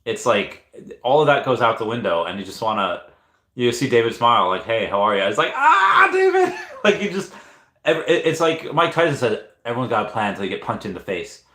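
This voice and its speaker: Male streamer, 30s, lowish voice, casual and halting, echoey room. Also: animated, fairly bright tone. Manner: hesitant, restarts often, reads chat aloud. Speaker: livestream host. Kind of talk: rambling casual livestream chat.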